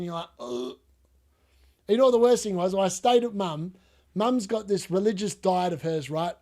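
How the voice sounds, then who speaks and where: A high-voiced Australian man hosting a live football watchalong. He chats, laughs a lot and jumps to an excited shout whenever a chance comes. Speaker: fantasy football watchalong host. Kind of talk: live watchalong commentary and chat replies.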